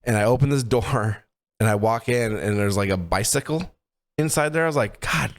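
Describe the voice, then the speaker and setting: Young male podcast co-host, animated profane storyteller, laughs a lot. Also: lowish voice, moderate pace. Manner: profane, animated, laughs while telling stories. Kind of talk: casual storytelling chat.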